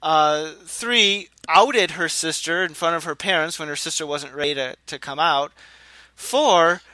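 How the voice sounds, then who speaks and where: A man's voice: on the high side, a little slow, bright, forceful tone, no room sound. A man co-hosting a casual podcast chat, blunt and opinionated, laughing easily. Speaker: podcast co-host.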